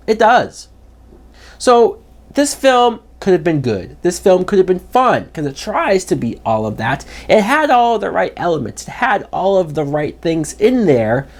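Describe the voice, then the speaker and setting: A man hosting his own channel, giving a casual, exasperated spoken movie review with emphatic jumps in pitch and chatty fillers. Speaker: film reviewer, channel host.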